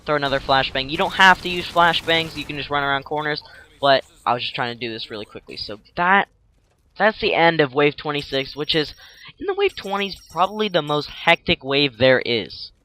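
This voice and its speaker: A man's voice: a little high, expressive, brisk, pushed and bright, slight background noise. A young man casually narrating his gameplay as a tutorial, rambling and jokey, acting out enemies in silly voices.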